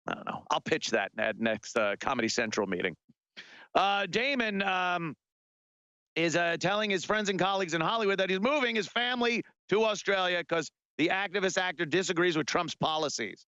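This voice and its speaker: A man's voice: sits high, animated, normal speed, bright, forceful tone, smooth, no room sound, muffled recording. A man hosting a talk radio show, delivering a sarcastic, rambling monologue with lots of filler words.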